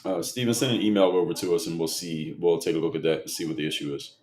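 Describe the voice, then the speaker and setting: A man's voice: sits low, fairly even intonation, fast, darkish tone. A man hosting a livestream, reading chat comments aloud and arguing back at them in a lecturing way. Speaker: livestream host.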